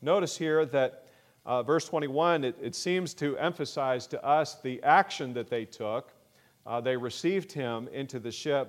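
Earnest male preacher. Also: mid-range voice. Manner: earnest, measured preaching that swells louder on key words. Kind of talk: sermon.

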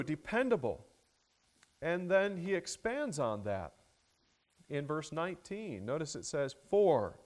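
In a somewhat high voice, a man delivers an expository sermon at a measured, deliberate pace. He uses frequent fillers and lifts his emphasis on key words.

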